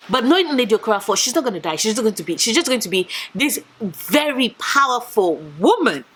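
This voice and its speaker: Young female book reviewer, casual and gushing, slightly high voice. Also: a little fast. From Nigeria. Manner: excitable and gushing, with big pitch swings. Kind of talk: casual enthusiastic book chat.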